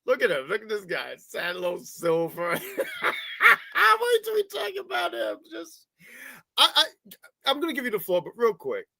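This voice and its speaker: A man's voice: very high voice, measured pace, creaky, long pauses, no echo. A man co-hosting a wrestling review show, talking casually and with feeling, often repeating his words as he starts a thought. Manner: animated, repeats words, baby-talks to his cat.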